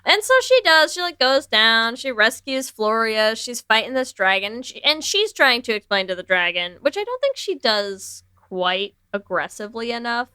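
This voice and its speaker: Bright, clear-voiced woman podcast host. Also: on the high side, normal speed, hardly any pauses, no room sound, studio quality. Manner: animated, swears freely, acts out characters' lines. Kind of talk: casual chat recapping a movie.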